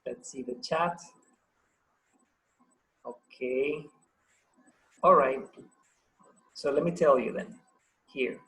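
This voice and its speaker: Man, Paraguayan Spanish accent, English teacher, video call, slow unhurried delivery, encouraging. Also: fairly high pitch, sharp tone, poor audio. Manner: patient, encouraging, asks many questions. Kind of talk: online class teaching.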